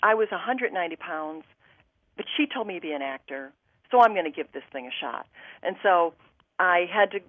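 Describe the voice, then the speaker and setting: A woman's voice: on the low side, expressive, a little fast, no echo, phone-quality sound. A woman guest telling a personal story on a talk show, acting out her own thoughts and what others said to her.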